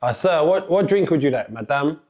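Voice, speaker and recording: A man voicing a prim female waitress, in a high mock-polite falsetto. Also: lively intonation, moderate pace, darkish tone, natural voice.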